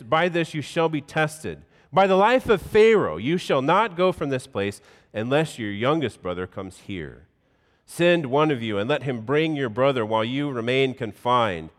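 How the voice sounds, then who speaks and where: Man reading scripture in reverberant hall. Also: medium pitch. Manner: measured, solemn reading with deliberate pauses. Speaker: pastor. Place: church sanctuary.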